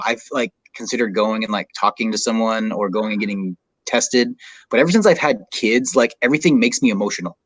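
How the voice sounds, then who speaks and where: A man hosting a podcast in casual interview chat, talking in an animated, rambling way full of "like". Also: lowish voice, brisk, no room sound. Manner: animated, rambling, heavy use of "like". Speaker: podcast host.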